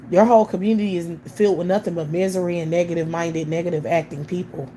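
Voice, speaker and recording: A woman's voice: lowish voice, fairly even intonation, quick pace, few pauses, dark tone, a little hiss or hum. A woman hosting a livestream, ranting bluntly with heavy profanity. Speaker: livestream host. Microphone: computer or phone mic on a livestream.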